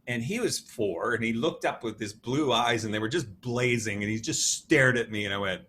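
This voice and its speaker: A man in his fifties, a motivational speaker giving an interview, telling stories in a lively way and laughing often. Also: mid-range voice, moderate pace, hardly any pauses, slight background noise. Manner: animated storyteller, laughs often, acts out quotes. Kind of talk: conversational interview.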